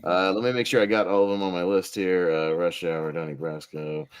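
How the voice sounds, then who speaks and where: A man's voice: low voice, steady tone, a little fast, smooth, no room sound, studio quality. A man co-hosting a casual panel chat, talking with many fillers and laughing between lines. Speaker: co-host running the voting.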